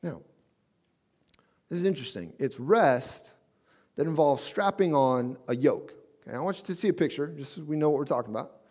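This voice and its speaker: A man preaching a sermon as pastor in a conversational way, dropping soft and slow when he quotes scripture. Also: a little high, animated.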